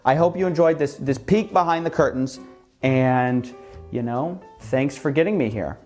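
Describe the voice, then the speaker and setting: Male YouTuber doing a mock-humble, sarcastic guru parody; mid-pitched voice, faint music underneath. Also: moderate pace, a little mellow. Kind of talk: comedic parody monologue.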